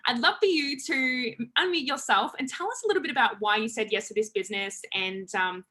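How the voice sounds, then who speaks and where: A woman's voice: a little high, a little fast, bright, forceful tone. A woman hosting a webinar over a video call, chatty and encouraging toward her guests. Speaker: webinar host.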